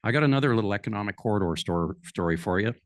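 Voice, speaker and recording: A man's voice: fairly low pitch, very fast, dry recording, studio quality. A man from Alberta, telling folksy stories from a conference stage. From Alberta, Canada. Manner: folksy, lively storyteller. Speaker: conference speaker. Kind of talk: folksy storytelling to a live audience.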